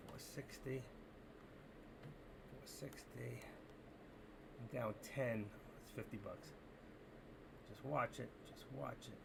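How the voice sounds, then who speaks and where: A man streaming his options trades live, talking to himself and to his chat as he watches prices, swinging between excitement and frustration. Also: mid-range voice, takes it slowly, creaky, pauses often, noisy background. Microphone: desk mic through streaming software.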